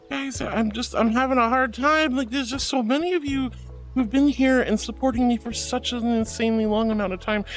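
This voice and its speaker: A woman VTuber chatting casually on a livestream, gushing thanks to her viewers with cutesy words. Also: high voice. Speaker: VTuber streamer. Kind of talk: casual livestream chat reading chat. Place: VR streaming setup, indoors.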